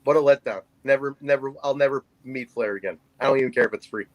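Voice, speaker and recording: A man's voice: medium pitch, fast talker, over a noisy crowd, rough recording. A man in his forties, a podcast co-host, telling a story in casual chat and acting out the voices of the people in it. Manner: animated storyteller who acts out voices.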